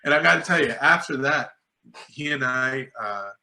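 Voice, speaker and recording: A middle-aged man, a filmmaker guest, telling lively anecdotes in a casual interview and acting out what people said, with many "like"s and "you know"s. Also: medium pitch, moderate pace.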